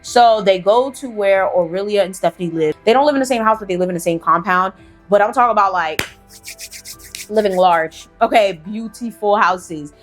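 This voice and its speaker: A woman's voice: medium pitch, normal speed, soft background music. A woman hosting a casual spooky storytime, chatty and profane, full of fillers and asides. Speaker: storyteller, channel host.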